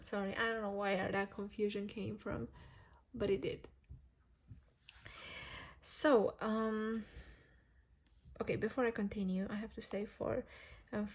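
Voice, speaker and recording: A woman's voice: medium pitch, slightly rough. A woman giving a casual tarot reading to viewers, chatty, laughing often and correcting herself as she goes. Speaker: tarot reader.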